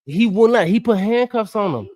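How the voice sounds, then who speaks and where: A man hosting a casual sports podcast, animated and emphatic as he talks. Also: high-pitched, normal speed. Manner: animated and emphatic, slips into impressions. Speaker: podcast host.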